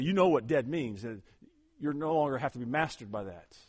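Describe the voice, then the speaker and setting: A man's voice: mid-range voice, lively intonation, fairly quick, husky. A man preaching a sermon as pastor, urging his congregation on emphatically and often repeating words as he goes.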